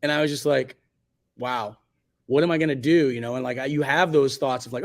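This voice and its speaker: A man's voice: fairly even intonation, a little fast. Chatty rambling man telling stories. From Virginia Beach, United States. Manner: chatty, rambling, many fillers and self-corrections; acts out quoted speech in a much higher voice. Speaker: guest photographer. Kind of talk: casual interview storytelling.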